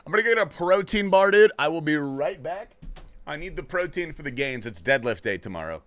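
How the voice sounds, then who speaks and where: Young man, gaming streamer, casual and profane, animated pitch swings, talking at a desk mic. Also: a little fast. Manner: laid-back, slangy and profane, reading and answering chat. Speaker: livestreamer. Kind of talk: casual gaming livestream chat.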